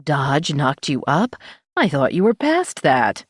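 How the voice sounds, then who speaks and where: A woman doing a husky, bawdy small-town undertaker's wife. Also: deep voice, very animated, slow, no echo, clean studio sound, exaggerated voice. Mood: sly teasing. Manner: bawdy, teasing, drawling. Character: husky bawdy middle-aged woman funeral director. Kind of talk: audiobook character voice.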